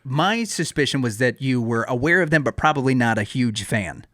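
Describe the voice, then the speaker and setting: A man's voice: mid-range voice, animated, moderate pace, fairly bright tone, no echo, studio quality. A man in his thirties hosting a podcast in casual chat, rambling with frequent restarts and laughs. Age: 30s. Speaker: podcast host.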